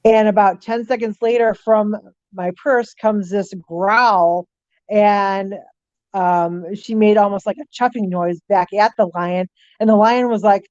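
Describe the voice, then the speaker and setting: A middle-aged woman, a guest on an interview show, telling lively stories, voicing animals' thoughts and dropping frequent ums. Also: mid-range voice, measured pace, no room sound, lo-fi sound. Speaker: guest, paranormal author. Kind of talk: casual storytelling interview.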